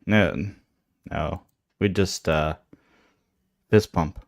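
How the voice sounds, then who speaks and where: A man from Canada co-hosting a live movie talk show, chatting casually with a low-key, dry humor. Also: steady tone, drawn-out words, vocal fry, no room sound. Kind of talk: casual live-stream chat.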